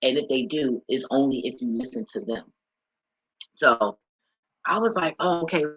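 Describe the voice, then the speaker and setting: Bright, husky-voiced woman, preachy and blunt, lecturing the viewer. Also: extremely low pitch, animated, moderate pace, dry recording, low-quality recording. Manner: emphatic, preachy, profane, talks straight to viewer. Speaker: vlogger. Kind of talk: blunt profane advice rant.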